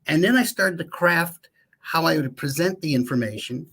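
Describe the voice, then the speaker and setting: Husky-voiced man telling a story. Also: a little high, normal speed. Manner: relaxed, reflective storyteller with fillers. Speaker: guest, professional speaker. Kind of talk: casual interview chat.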